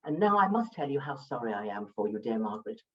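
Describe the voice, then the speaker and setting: An actress playing a grand, gossiping older duchess who delivers scandal with a theatrical flourish. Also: female voice, very deep voice, very animated, fast, far from the mic, lo-fi sound. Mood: gossipy. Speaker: amateur stage actress. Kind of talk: stage play performance.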